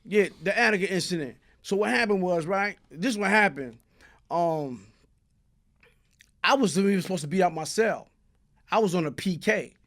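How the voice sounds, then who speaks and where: A middle-aged man, telling a story as a guest in a casual interview. His voice sits high, and he talks in animated street slang. He breaks into loud shouts. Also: moderate pace, long pauses. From New York.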